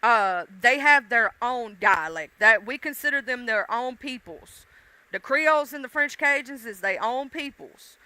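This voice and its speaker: A Southern woman with a very bright, crisp voice, chatting loosely to her live-stream viewers. Her talk is folksy and sprinkled with casual cussing. The sound is dry and close, with no room echo. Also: a little high, lively intonation, measured pace. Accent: Southern US, mixed country and urban. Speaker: livestream host.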